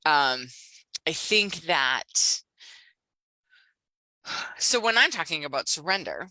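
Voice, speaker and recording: A woman's voice: sits low, expressive, slow, sharp tone, dry recording, rough recording. A middle-aged woman, a coach and healer co-hosting a casual podcast, talking reflectively with many restarts.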